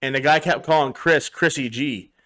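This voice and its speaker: A young podcast co-host tells rambling bar stories in casual chat, swearing a lot and acting out what people said. His mid-range voice is sharp in tone and moderately paced.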